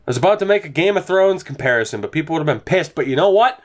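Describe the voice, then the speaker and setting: A young man giving excitable, profane commentary on his hockey game, ranting and then calming down. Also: fairly high pitch, racing. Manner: excitable, swears, rants then talks softly to his dog. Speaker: gaming YouTuber. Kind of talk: let's play commentary.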